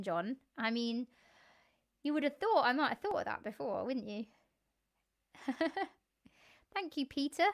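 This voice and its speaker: Warm and casual, a young woman who is a musician talks with viewers on her live stream in a high-pitched voice. She laughs a lot and thanks people by name.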